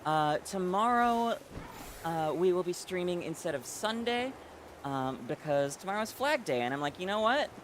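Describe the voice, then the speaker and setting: Guy streaming a game live, kinda high voice, rambly and chatty, faint hiss behind. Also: expressive, normal speed. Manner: chatty, reads chat aloud, many fillers and restarts. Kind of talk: casual live-stream chat while playing.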